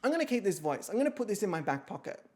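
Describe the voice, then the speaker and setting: A woman streamer talks casually to her chat, rambling from one thought to the next. Her pitch swings up and down in a lively way, and she swears freely between asides. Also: racing. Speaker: streamer and host.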